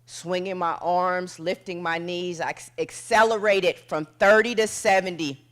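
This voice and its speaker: A woman giving a motivational keynote speech on stage, telling a dramatic story in short punchy phrases and dropping to a hush at tense moments. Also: fairly low pitch, steady tone, unhurried. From United States. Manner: acts out quoted voices, drops to a hush for tense moments. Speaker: motivational speaker. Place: event stage before an audience.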